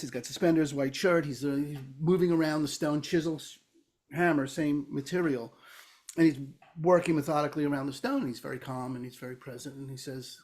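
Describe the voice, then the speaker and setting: A man's voice: mid-range voice, darkish tone. A man co-hosting a podcast, telling a long parable in casual conversation with emphatic, sometimes swearing delivery. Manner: storytelling, tells a parable at length. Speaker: podcast co-host.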